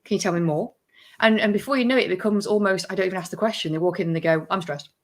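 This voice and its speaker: A woman clinician in a podcast conversation talks very fast in a mid-range voice, chatting about her patients and acting out what they said back to her in lively storytelling.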